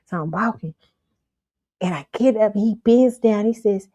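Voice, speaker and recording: A woman's voice: medium pitch, a little fast, warm tone, dry recording, lo-fi sound. Emphatic woman host, dry close mic. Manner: emphatic, insistent, repeats herself. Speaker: show host. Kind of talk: casual storytelling to viewers.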